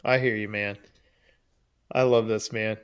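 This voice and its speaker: A man's voice: on the low side, level tone, measured pace, clear, resonant tone. A man co-hosting a casual trade podcast, talking in a loose, rambling way and laughing often. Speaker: podcast co-host. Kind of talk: casual chat.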